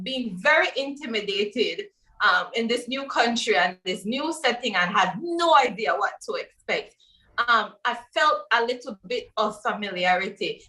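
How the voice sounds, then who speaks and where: Woman from Belize, panel moderator, bright voice, a bit high, distant mic. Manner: chatty, anecdotal, frequent fillers. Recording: voice from far off the mic.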